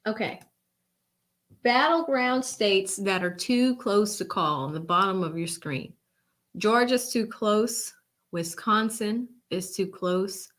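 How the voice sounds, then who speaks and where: A woman's voice: mid-range voice, slow pace. A woman from Boston with a Boston accent, hosting a live election-night stream and chatting casually with her viewers. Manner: animated, chatty, addresses chat directly. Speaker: livestream host.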